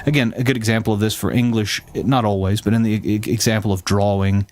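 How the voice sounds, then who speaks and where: Male streamer host, neutral General American accent, lowish voice, rambling explainer. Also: fairly even intonation, quick pace, a little mellow. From Southern United States. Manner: rambling, self-correcting, explains at length. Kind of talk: casual stream chat with viewers.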